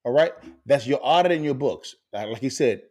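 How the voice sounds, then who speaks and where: A man's voice: medium pitch, lively intonation, brisk, a little mellow. Emphatic male finance podcast host. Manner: emphatic, preachy, repeats questions to the audience. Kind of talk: direct-to-camera finance commentary.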